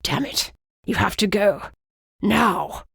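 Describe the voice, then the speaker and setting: A woman's voice: lowish voice, expressive, slow pace, creaky, husky, no room sound, exaggerated voice. Woman voicing a grim male griffin. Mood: urgent. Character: grave male griffin informant, secretive.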